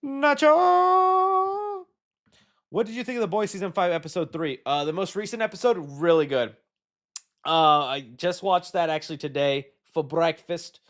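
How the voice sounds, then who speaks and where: Animated, jokey man hosting a live stream. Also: a little high, normal speed. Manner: rambling, animated, jokey, puts on silly voices. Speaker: live stream host answering chat questions. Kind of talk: casual live-stream chat.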